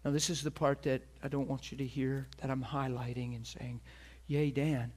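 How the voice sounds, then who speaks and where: A man's voice: mid-range voice, flat delivery, normal speed, darkish tone. A middle-aged man preaching a sermon as a pastor, telling a personal story earnestly and acting out the voices of the people in it.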